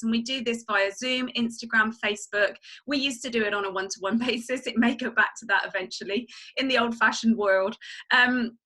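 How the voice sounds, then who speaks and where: A woman pitches with eager emphasis over a video call. Her voice sits a little high and rings bright and forceful. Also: fairly even intonation, a little fast. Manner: enthusiastic, emphatic sales pitch. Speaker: network marketing team leader.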